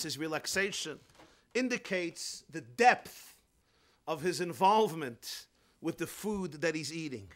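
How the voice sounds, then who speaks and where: A man preaching as a rabbi, telling a parable with lively swings from quiet asides to loud outbursts, with a manner. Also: high voice. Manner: animated, swings from hushed to shouting, acts out characters. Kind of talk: sermon storytelling.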